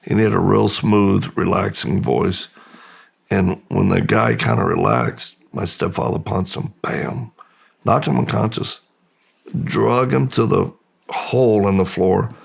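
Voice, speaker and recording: Man, middle-aged, very husky, low voice, halting subdued storytelling. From United States. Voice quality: gravelly. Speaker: guest. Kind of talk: personal storytelling in interview.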